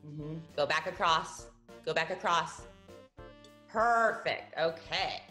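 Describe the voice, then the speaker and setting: A woman's voice: low-pitched, slow, sharp tone, echoey room, faint music behind. A woman hosting a casual cooking demonstration, chatty and playful, laughing often as she talks another cook through a recipe. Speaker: cooking show host. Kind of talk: casual cooking demonstration over video call.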